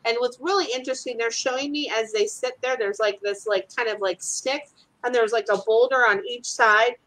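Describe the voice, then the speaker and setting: Bubbly, fairly high-voiced woman. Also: normal speed, a bit bright, low-quality recording. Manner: bubbly, acts out voices in quotes, many "like" fillers. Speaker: animal communicator. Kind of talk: casual chat.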